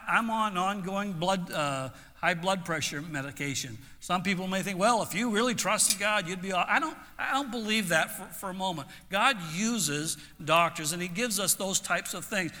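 Man preaching, high bright voice, earnest, restarts phrases, long hall reverb. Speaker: pastor. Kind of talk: sermon.

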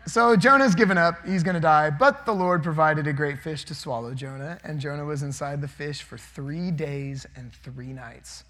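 A young man preaching a casual sermon, reading scripture and acting out the characters in an animated way. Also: on the high side, normal speed, hardly any pauses. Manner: animated, acts out the figures. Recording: long reverb of a hall.

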